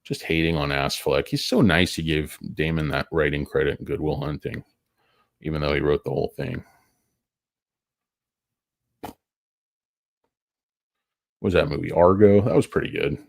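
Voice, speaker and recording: A man's voice: extremely low pitch, moderate pace, vocal fry, long pauses, dry recording, studio quality. A tired man hosting a stock market show, rambling through casual, profane, joking commentary that wanders off topic.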